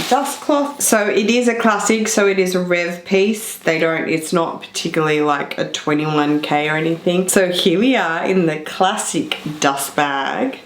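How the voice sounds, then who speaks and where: A woman hosts an unboxing vlog, gushing with breathless delight over each item. She speaks at an unhurried pace, her voice bouncing around an echoey room with a faint hiss behind it. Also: on the low side. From Australia. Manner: gushing, excitable exclamations. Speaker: beauty and luxury vlogger.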